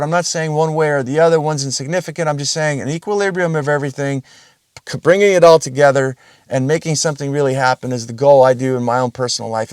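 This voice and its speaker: A man's voice: on the high side, a little mellow, smooth, no echo, studio quality. A man hosting his own podcast, talking casually and bluntly in a rambling solo monologue, swearing freely. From Russian family background. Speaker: podcast host.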